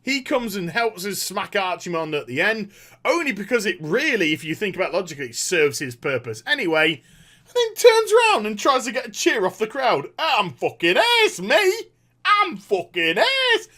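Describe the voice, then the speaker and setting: A man's voice: high-pitched, very animated, brisk, bright, forceful tone. Sarcastic man ranting animatedly. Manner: sarcastic, swears freely, mocking impressions. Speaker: gaming commentator. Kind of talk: animated opinion rant.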